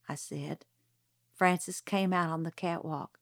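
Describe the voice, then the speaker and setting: A woman narrating a first-person story as an audiobook reader, even and unhurried. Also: lowish voice, no room sound, clean studio sound.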